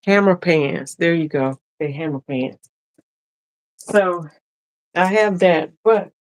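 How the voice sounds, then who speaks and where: A woman's voice: lowish voice, darkish tone, no echo. A woman hosting a casual sewing live stream who chats and laughs with her viewers, speaking. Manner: chatty, laughing, talks to viewers directly.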